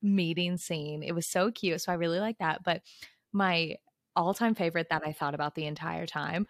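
A woman's voice: lowish voice, brisk, dry recording, clean studio sound. A woman co-hosting a podcast, chatting casually and gushing as she lists her favorite scenes. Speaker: podcast co-host. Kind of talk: casual book-club chat.

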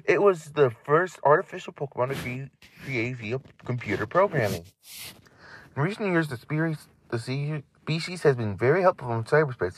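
A man's voice: medium pitch, a little hiss or hum. Man casually reading, stumbling often. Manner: reads aloud with frequent stumbles, restarts and chatty asides. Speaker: podcast host. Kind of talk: casual podcast reading of game entries.

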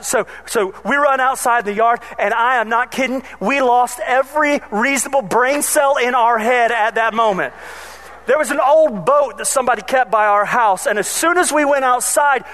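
A man preaching a sermon, telling funny stories from his childhood in an animated way. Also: extremely high pitch. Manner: animated, humorous storyteller. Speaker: pastor. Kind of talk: sermon with personal storytelling.

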